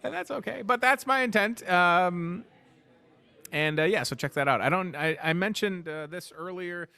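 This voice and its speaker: A man hosting a lively talk show inside a grocery store, joking and rattling off deals. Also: sits high, creaky, clear, resonant tone. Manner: energetic, joking, rapid-fire deal listing. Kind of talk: upbeat promotional chat.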